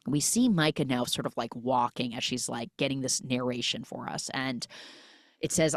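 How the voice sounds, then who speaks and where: A woman hosts a podcast and talks in a low voice, recapping a film in casual, animated chat. She switches into quick little voices for the people she quotes. The sound is dry and close. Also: no room sound. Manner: animated storytelling, acts out quoted lines. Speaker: podcast host.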